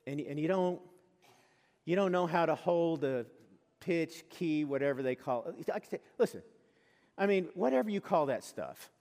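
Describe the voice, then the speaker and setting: Preacher in a reverberant church hall. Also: male voice, fairly high pitch, animated, normal speed. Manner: earnest, conversational, swings between soft asides and loud emphatic lines. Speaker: pastor. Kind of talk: sermon. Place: church sanctuary.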